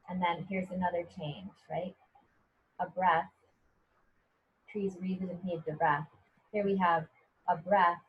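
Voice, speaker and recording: A middle-aged American woman, a poet and professor, walks listeners through a poem. Her voice is strongly husky and sits a little low, and she keeps checking in with "right?" The video-call audio sounds dull and lo-fi. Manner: conversational, often checking in with "right?" and "okay?". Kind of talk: teaching a poetry workshop.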